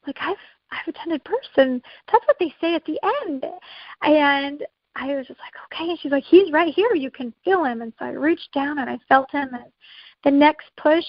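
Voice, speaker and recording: A woman's voice: high-pitched, no echo, lo-fi sound. A woman co-hosting a podcast, earnestly telling her own emotional birth story. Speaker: podcast co-host.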